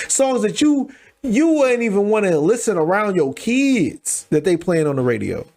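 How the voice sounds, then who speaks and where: A high-voiced man hosts a reaction video and talks through a clip in casual, slangy commentary. He quickly agrees with the point and repeats it in his own words. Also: sing-song, a little mellow. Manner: fast, agreeing, restating the guest's point with slang. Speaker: reaction channel host.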